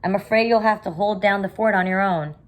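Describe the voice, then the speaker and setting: A woman's voice: mid-range voice, a little fast, lo-fi sound, natural voice. A woman voicing a friendly father bear in a cheerful, easygoing way, reading a storybook aloud.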